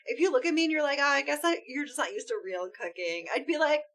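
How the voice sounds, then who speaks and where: A woman's voice: high-pitched, fast. A woman co-hosting a live stream, chatting casually, reading a story update aloud and acting out quoted lines. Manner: animated, acts out quoted lines, calls herself snappy. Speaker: streamer co-host. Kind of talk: casual chat reacting to and reading stories.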